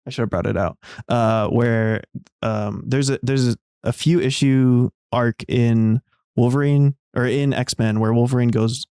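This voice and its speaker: A man's voice: mid-range voice, steady tone, a little slow, warm tone, clear, resonant tone, no room sound, clean studio sound. A man hosting a casual talk show, rambling with fillers and restarts. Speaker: podcast host. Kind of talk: casual chat.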